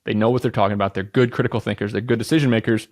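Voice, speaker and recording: A man in his thirties hosting a podcast, talking candidly and bluntly in a casual monologue, confident and energetic, with the odd swear word. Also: lowish voice, very fast. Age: 30s. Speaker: podcast host.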